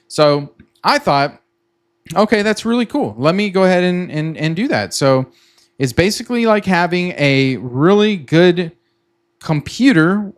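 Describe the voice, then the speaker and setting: A middle-aged man explaining a tech tool to viewers in a casual, rambling way, restarting often and acting out his own panicked reactions. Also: fairly high pitch. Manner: chatty, repeats himself, acts out his own panicked reactions. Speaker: trading content creator. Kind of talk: casual explainer with sponsor pitch.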